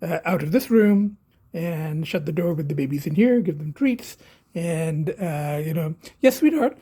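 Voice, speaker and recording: Vlogger, male, mellow and husky, chatty and meandering, drifts into soft cooing for his pets. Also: on the high side, unhurried. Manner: rambling, hesitant, many fillers; coos softly to his cats. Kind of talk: casual video diary. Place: home bedroom.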